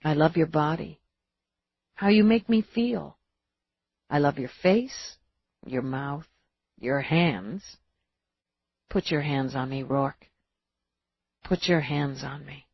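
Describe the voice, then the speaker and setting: A woman's voice: lowish voice, expressive, takes it slowly, gravelly, pauses often, husky, dry recording, heavily acted. A woman narrator voicing a blunt, tough woman police lieutenant who talks curtly but turns tender, in a dull, dry recording.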